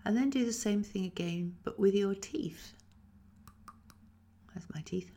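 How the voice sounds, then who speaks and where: A woman who is a voice teacher, calmly guiding a voice exercise and demonstrating the sounds herself. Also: medium pitch, unhurried. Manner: calm, instructive, demonstrates sounds. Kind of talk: guided voice exercise.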